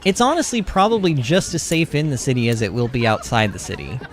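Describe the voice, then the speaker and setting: A man's voice: mid-range voice, sing-song, quick pace. A young man streaming a game, thinking aloud and reacting with exclamations. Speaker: gaming streamer. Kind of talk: casual gameplay commentary.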